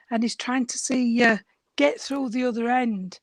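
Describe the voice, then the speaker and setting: A woman giving a mediumship reading, her voice going hoarse, calling the sitter sweetheart and darling. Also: a little high, steady tone, measured pace, no echo.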